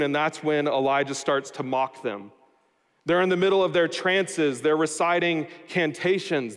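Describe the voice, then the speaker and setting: A man preaching a sermon, explaining a scripture passage verse by verse and adding wry everyday asides. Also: fairly high pitch. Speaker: pastor. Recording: long hall reverb.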